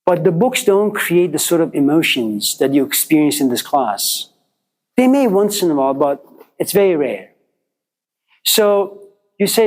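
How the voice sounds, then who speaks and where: A middle-aged man lecturing a class, animated and questioning, telling stories to make his points. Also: high voice, moderate pace, low-quality recording. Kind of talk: classroom lecture with student exchanges.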